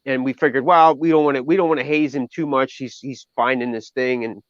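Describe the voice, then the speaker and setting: A man's voice: medium pitch, fairly even intonation, brisk, no echo, muffled recording. Rambling man telling road stories. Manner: rambling, full of fillers and restarts. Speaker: guest musician. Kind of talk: casual storytelling.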